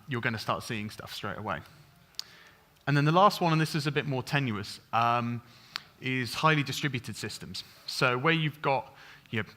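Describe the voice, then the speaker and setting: A man speaks from a conference stage in a bright, forward voice. He rattles on in a casual, conversational way, with frequent ums and self-corrections. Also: mid-range voice. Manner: fast, chatty, full of ums and restarts. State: over-caffeinated. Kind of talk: technical conference talk.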